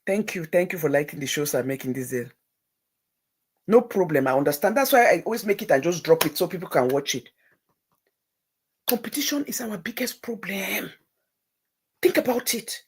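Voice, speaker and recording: Middle-aged woman host, husky gravelly voice, confessional storytelling with hushed and emotional swings. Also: lowish voice. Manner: shifts between hushed near-whispers and tearful outbursts. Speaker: livestream host.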